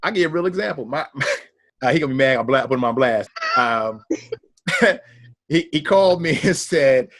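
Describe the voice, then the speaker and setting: A man's voice: medium pitch, expressive, moderate pace, long pauses, fairly bright tone. A middle-aged man in a casual discussion, telling stories in an earnest, reflective way. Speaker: discussion panelist.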